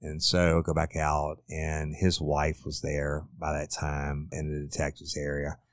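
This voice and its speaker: This middle-aged podcast host, once a detective, has a very deep voice and a completely flat delivery at a measured pace. His true crime storytelling is blunt, casual and profane as he walks through a crime case.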